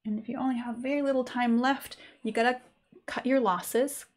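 A woman's voice: a little high, steady tone, normal speed. A woman teaching a live online sketching lesson in a chatty, informal way with many fillers. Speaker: art teacher.

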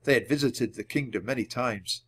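A man reading a children's chapter book aloud, clearly and deliberately, for language learners. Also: medium pitch, a bit bright. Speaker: storybook reader. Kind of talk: storybook read-aloud.

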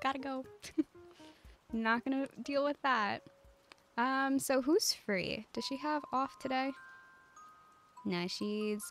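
A woman streaming a life-sim game, chatting casually with viewers in a calm, cozy way, giggling often and using lots of fillers. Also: on the high side. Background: faint game music.

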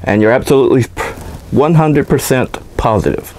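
A man's voice: medium pitch, normal speed, a little mellow, a little hiss or hum, rough recording. A man hosting a horror movie show, with rambling, playful patter full of hesitant fillers. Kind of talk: campy host patter.

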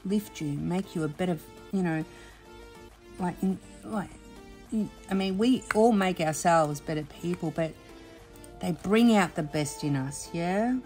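Soft music plays in the background of a home craft room as an Australian woman, her voice lowish and a little mellow, chats at a measured pace while diamond painting. She rambles, restarts often, leans on fillers, and admits she's emotionally drained and tired.

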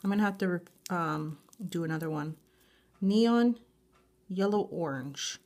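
A woman's voice: lowish voice, unhurried, darkish tone. A woman vlogging as she unboxes a grab bag of nail supplies, gushing with breathless exclamations and repeating herself. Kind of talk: unboxing a grab bag, excited casual chat.

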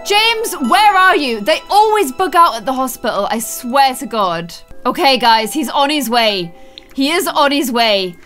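Excitable high-voiced Irish woman gamer. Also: a little slow, soft background music. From Ireland. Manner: excitable, frequent gasps and squeals. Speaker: gaming YouTuber. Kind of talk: excited let's-play commentary.

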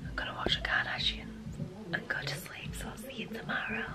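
A woman's voice: brisk, over loud music. Tired British woman whispering at night. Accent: British English.

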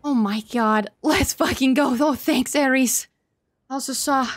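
A woman streaming a video game live, excitable and cursing freely, shouting in triumph and chatting to her viewers, a little out of breath. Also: high-pitched, measured pace, no room sound. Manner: excitable, swears a lot, shouts and squeals in wins. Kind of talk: live gameplay commentary.

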